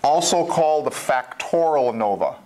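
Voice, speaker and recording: A man's voice: a little high, expressive, moderate pace, darkish tone, slight background noise. A man teaching a college statistics class, explaining plainly, repeating key points and adding small asides. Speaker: statistics instructor. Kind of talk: classroom lecture.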